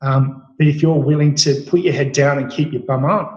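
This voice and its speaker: A man's voice: on the high side, fairly even intonation, normal speed, darkish tone, echoey room, muffled recording. A middle-aged Australian man, a chef, telling stories casually in an interview, rambling with many fillers and restarts. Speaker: chef, podcast guest.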